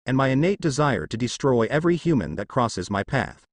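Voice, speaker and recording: A man's voice: mid-range voice, big pitch swings, fairly quick, dry recording. A man voicing a brash, cheeky young ninja boy in a fan story reading. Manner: cheeky, sarcastic.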